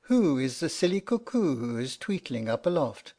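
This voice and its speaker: A man's voice: mid-range voice, lively intonation, a little slow, darkish tone. A man voicing a gossipy middle-aged bumboat woman in an audiobook reading, with a pert, prying manner. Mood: nosy. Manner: pert, nosy questions.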